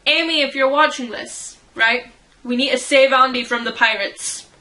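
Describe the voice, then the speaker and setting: A woman's voice: high voice, moderate pace, pushed and bright, poor audio. A young woman vlogging casually as a fan, rambling and giggling at herself. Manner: giggly, rambling, self-deprecating. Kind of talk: casual chat.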